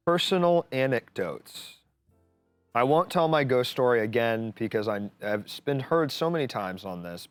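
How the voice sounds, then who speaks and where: A man's voice: mid-range voice, no room sound. Joking man hosting a call-in stream. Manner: rambling, joking, swears casually. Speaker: call-in show host. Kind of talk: casual live stream chat. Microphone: studio mic.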